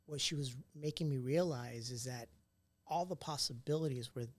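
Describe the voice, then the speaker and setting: A man telling stories in an interview, casual and animated, acting out what others said to him. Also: medium pitch, normal speed, no echo. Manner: animated storyteller who acts out quoted dialogue; casual, occasional mild swearing. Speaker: entrepreneur guest. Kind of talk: conversational storytelling interview.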